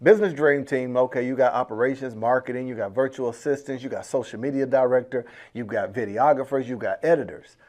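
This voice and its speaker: A man hosting a business podcast in a casual, slangy, animated way, laughing often and acting out little asides. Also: mid-range voice. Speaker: podcast host. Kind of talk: casual motivational podcast talk.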